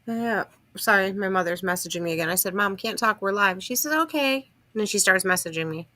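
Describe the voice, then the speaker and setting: A woman's voice: mid-range voice, brisk, pushed and bright, dry recording. A tired woman co-hosting a livestream in casual, rambling chat. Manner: chatty, laid-back, self-interrupting. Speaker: co-host.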